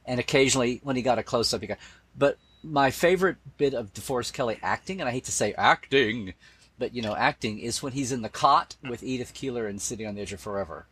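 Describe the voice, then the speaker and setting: This man's medium-pitched voice is fairly bright and slightly rough. Appearing as a Star Trek expert in an interview, he speaks with casual enthusiasm, quoting favorite lines often and restarting his sentences.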